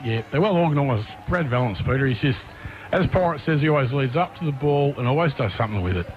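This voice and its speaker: An Australian man calling a local football match play by play, quick and chatty, from a commentary box at the ground. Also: mid-range voice, expressive, lo-fi sound, a little hiss or hum. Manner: quick, chatty, easy laughs.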